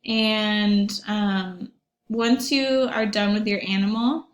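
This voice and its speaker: A young woman teacher walks her class through a website in a recorded online lesson, chatty and upbeat, with plenty of ums and little asides to her pupils. She speaks slowly at medium pitch with fairly even intonation, in an echoey room.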